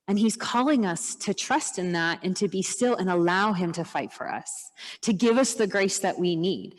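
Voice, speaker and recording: A woman's voice: medium pitch, in a large hall. A woman therapist giving an earnest, encouraging church talk with slides, walking through her points one by one. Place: church hall.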